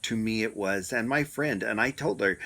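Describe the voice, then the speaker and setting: A middle-aged man telling a personal story in a reflective, unhurried way, pausing often. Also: on the low side, bright, forceful tone. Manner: unhurried, reflective, with many pauses and fillers. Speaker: storyteller sharing a personal experience.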